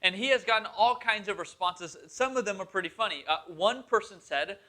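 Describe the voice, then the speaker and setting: Earnest bright-voiced young pastor. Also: male voice, high voice, fairly quick, hardly any pauses. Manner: earnest, conversational, with a laugh now and then. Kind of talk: sermon storytelling.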